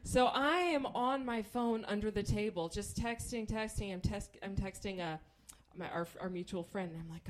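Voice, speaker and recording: A woman's voice: medium pitch, normal speed, a little hiss or hum. A woman from Kansas doing stand-up, telling a story in a wry, profane way and acting out the people in it. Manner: profane, wry, acts out quoted people in voices. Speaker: stand-up comedian.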